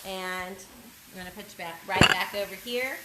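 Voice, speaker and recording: A woman hosts a casual live cooking demo from her home kitchen, chatting, rambling and teasing herself over her own slips. Her voice is medium-pitched at a normal speed. The echoey kitchen is loud with frying, a sizzling pan and clatter.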